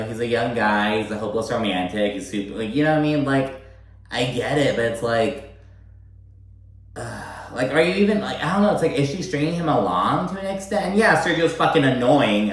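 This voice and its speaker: A man's voice: medium pitch, a bit bright. A young man giving a casual, swear-laden recap of a reality show, full of "like" fillers. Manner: chatty, swears freely, many "like" fillers. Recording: very echoey room.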